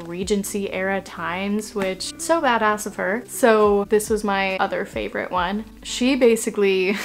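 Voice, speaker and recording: A young woman vlogging about her favorite books in a gushing, chatty way, full of "like" fillers. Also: mid-range voice. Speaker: book vlogger. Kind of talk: casual chat.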